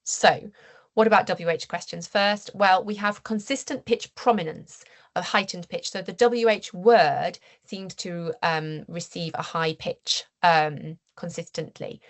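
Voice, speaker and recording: Creaky-voiced woman giving a seminar talk. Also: on the low side. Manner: measured and explanatory, with frequent ums and restarts. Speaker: researcher presenting a seminar talk. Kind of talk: academic seminar presentation.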